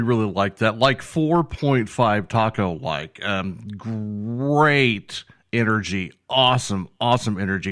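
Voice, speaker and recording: A man with a somewhat low voice hosts a casual music review show. He rambles through his opinions with plenty of fillers and restarts, poking fun at himself like someone who has just rolled out of bed. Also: a bit bright. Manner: rambling, self-deprecating, full of fillers and repeats. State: just woken up.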